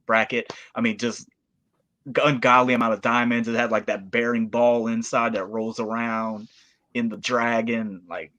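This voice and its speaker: Male co-host, sharp bright tone, rambling sports chat. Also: medium pitch, little pitch movement, moderate pace. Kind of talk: casual sports talk chat.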